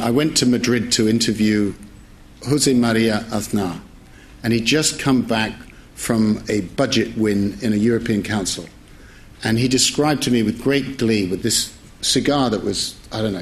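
On the low side, this man's voice carries a slight hiss or hum in the recording. He is a middle-aged journalist sharing a funny anecdote with listeners, chatting away while frequently correcting himself and laughing.

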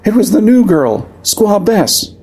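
A man putting on a shrill, panicked young saloon girl. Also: sing-song, a little slow, darkish tone, husky, full character voice. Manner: high, desperate squealing.

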